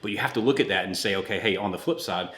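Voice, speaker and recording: A man's voice: lowish voice, very fast. A man in his forties hosting a fitness podcast, telling a rambling personal story while coaching a workout. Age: 40s. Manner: chatty, rambling, animated when retelling. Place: gym. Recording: roomy echo, mic at a distance.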